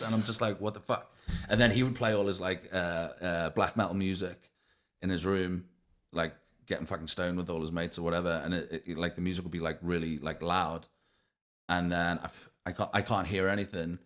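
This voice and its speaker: Low-voiced man rambling in casual chat. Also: steady tone, a little fast, a bit bright. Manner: rambling, swears a lot, many fillers. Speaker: podcast host.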